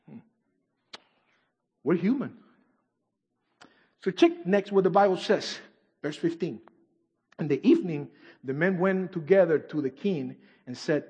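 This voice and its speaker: Male pastor with non-native English phrasing, sermon delivery swinging from shouts to hushes; dull, reverberant hall recording. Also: high voice, animated, moderate pace, pauses often, slightly rough. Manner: dramatic swings from shouts to near-whispers, reading scripture aloud.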